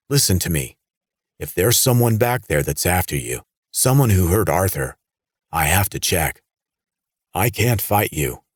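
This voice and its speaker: Man doing a hurt police chief, low husky voice, calm and steady. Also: no room sound, studio quality. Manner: steady, reassuring through pain.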